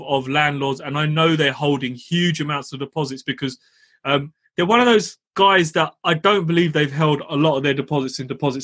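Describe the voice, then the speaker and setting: A man's voice: a little high, breathy edge. A man, co-hosting a property podcast, telling a story in a chatty, slangy way. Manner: animated, chatty, slangy, frequent "you know". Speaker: property podcast co-host and landlord. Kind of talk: casual storytelling.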